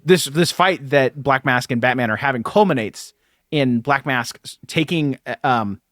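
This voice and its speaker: Seorang pria membawakan podcast bersama, mengobrol santai tentang komik, sering tertawa dan cepat menyetujui lawan bicaranya. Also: male voice, mid-range voice, moderate pace, fairly bright tone, no room sound, studio quality. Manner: chatty, laughs often, eager agreement. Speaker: podcast co-host. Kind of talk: casual comic book discussion.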